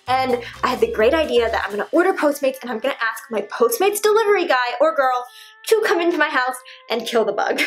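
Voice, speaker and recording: High-voiced young woman vlogger, animated storyteller who says "like" constantly, faint music underneath. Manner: animated, heavy use of "like," dramatic retelling. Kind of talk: storytelling vlog. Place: home. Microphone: on-camera shotgun mic.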